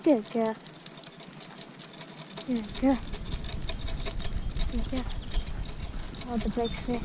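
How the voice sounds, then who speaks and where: A high-pitched woman calls out short commands and praise to a dog pulling her along a trail outdoors. Her talk between commands is slow and unhurried. Clear outdoor noise runs behind her. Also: flat delivery. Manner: calls out short commands like hike, wait and good girl. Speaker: dog owner on a sulky run. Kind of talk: casual commands to a dog while riding.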